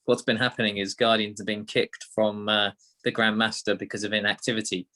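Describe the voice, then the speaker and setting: A man's voice: on the low side, flat delivery, fairly quick, sharp tone. A man with a British accent co-hosting a podcast, chatting casually with many ums and uhs. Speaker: podcast co-host. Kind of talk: casual chat.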